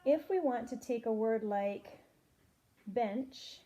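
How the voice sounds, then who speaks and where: Speaking in a warm, slightly high voice, a female teacher walks young children through phonics. The lesson is slow, patient, and clearly spelled out, punctuated by questions for the class.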